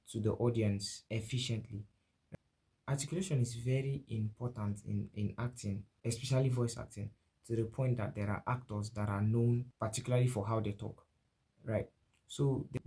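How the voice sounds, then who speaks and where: A man with a Nigerian English accent teaches acting in a relaxed, mellow voice that sits a little low. He restarts his sentences and keeps asking "right?" as he explains. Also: slightly rough. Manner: repeats and restarts, often asks "right?". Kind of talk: spoken lecture to camera.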